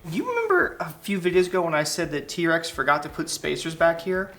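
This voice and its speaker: A man talking casually through a motorcycle repair in his garage, chatty and quick to correct himself. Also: a little high, huge pitch swings, fairly bright tone, reverberant, faint music behind. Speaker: motorcycle vlogger. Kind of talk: casual workshop how-to. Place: garage workshop.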